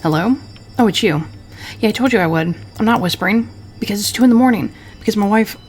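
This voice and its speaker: A woman voicing a crude, drunken, scheming husband from the 1940s, talking gruffly and cursing. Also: mid-range voice, quick pace, darkish tone, close to an everyday voice. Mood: grumbling. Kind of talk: reading game dialogue aloud.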